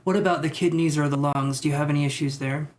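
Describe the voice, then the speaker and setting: A man giving psychic tarot readings on a live stream. He talks in a tentative, musing way, thinks out loud with many fillers, and reassures his viewers. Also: fairly high pitch, steady tone, quick pace. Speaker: tarot reader.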